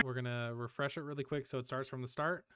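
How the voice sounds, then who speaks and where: A man's voice: medium pitch, steady tone, quick pace, a bit bright, clean tone, dry recording, studio quality. A young man co-hosting a casual podcast, laid-back and laughing often as he plays clips. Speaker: podcast co-host.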